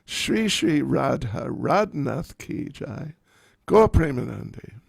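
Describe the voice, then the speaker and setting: Gravelly, slow-paced male storyteller. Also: medium pitch, no room sound, studio quality. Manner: animated storyteller with wry humor. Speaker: spiritual teacher. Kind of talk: storytelling class.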